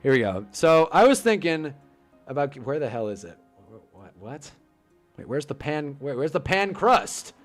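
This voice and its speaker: A man's voice: medium pitch, sing-song, moderate pace, faint music behind. Frustrated young man ranting on stream. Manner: frustrated, swearing, swings into loud outbursts. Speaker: live stream host. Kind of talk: casual live-stream rant.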